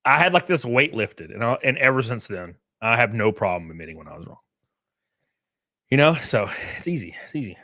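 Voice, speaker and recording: A man's voice: medium pitch, sing-song, brisk, bright, forceful tone, no echo, clean studio sound. A young man streaming live, rambling casually and swearing as he comments and greets his chat. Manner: rambling and profane. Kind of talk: livestream commentary.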